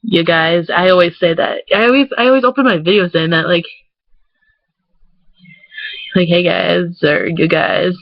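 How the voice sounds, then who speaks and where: A man's voice: high-pitched, lively intonation, quick pace, dry recording, highs cut off. A man from Michigan with a Michigan accent, chatting casually to the camera in a rambling vlog, full of "like" fillers. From Michigan, USA. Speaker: vlogger. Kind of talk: casual talking-head vlog.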